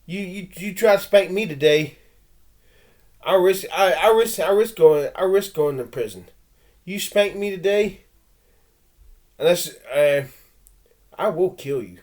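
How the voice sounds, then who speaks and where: A man's voice: high-pitched, unhurried, pauses often. A man vlogging a rambling personal rant, stammering and restarting, growing heated and blunt. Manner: stammering, with frequent restarts and repeated words; intense and heated, with blunt threats.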